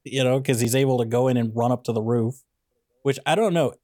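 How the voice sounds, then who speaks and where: A man co-hosting a casual movie podcast, tearing into a film with sarcastic, ranting jabs. His voice sits at an ordinary pitch and sounds dry and close, with no room around it. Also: brisk, darkish tone, dry recording. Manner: sarcastic, ranting, picks apart the plot. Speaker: podcast co-host. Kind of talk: casual movie review chat.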